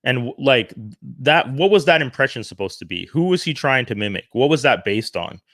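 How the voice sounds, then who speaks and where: A man from Canada giving an earnest, animated opinion monologue, often restarting his sentences. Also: medium pitch, a little fast, no room sound, studio quality. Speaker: commentary vlogger.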